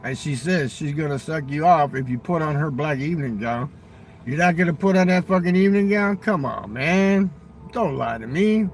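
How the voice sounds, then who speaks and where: A man's voice: fairly high pitch, animated, normal speed, slight background noise. A man telling crude stories in a rambling, profane casual monologue, outdoors near a railroad crossing. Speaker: vlogger.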